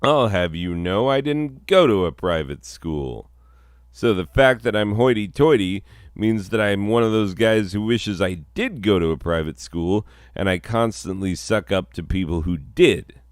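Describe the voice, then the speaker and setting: Low, slow-talking man doing comedy. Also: animated, no echo, studio quality. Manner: rambling and self-mocking, with mock-outraged bursts. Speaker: comedy sketch performer. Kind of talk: solo comedy sketch with quick voice switches.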